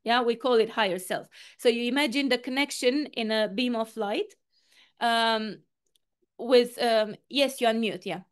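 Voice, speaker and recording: A woman coach leading a guided meditation over a video call, with calm, repetitive, step-by-step instructions. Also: fairly high pitch, a little slow, clear, resonant tone. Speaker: quantum coach and healer, guest speaker. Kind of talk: guided meditation in an online talk.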